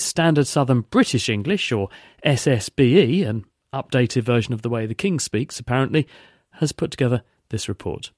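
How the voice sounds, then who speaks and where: A man hosting a science show, reading links in a smooth, scripted way. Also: mid-range voice, a little mellow, no room sound, clean studio sound. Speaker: host. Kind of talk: scripted presenting.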